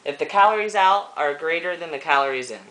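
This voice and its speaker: An earnest middle-aged woman speaks to her viewers in a personal vlog, halting and full of fillers. Her voice sits a little low, yet sounds bright, and her pitch moves a lot. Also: animated, poor audio. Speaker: vlogger. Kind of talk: emotional personal vlog talk.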